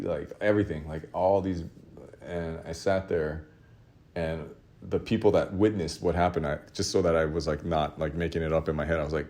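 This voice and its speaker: Low-voiced man rambling through a story. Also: steady tone, moderate pace. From Los Angeles area. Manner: rambling, self-mocking, with laughs and shouted re-enactments. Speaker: artist telling a story to his audience. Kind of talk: casual storytelling monologue.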